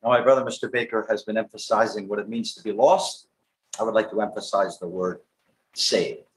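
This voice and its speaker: A man preaching a gospel sermon in a tent meeting, reading scripture aloud with emphatic, lively delivery. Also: fairly low pitch, fairly quick, low-quality recording.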